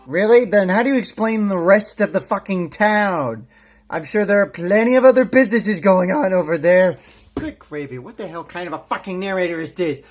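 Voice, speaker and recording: A man's voice: high-pitched, normal speed, faint music behind. A man giving a sarcastic, profane comedic review, ranting over clips.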